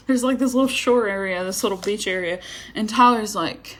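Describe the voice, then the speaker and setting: A young woman tells a story the casual way, chatting along with plenty of drama. Her pitch sits in an ordinary middle range for a woman. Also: moderate pace. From Georgia, USA. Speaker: vlogger.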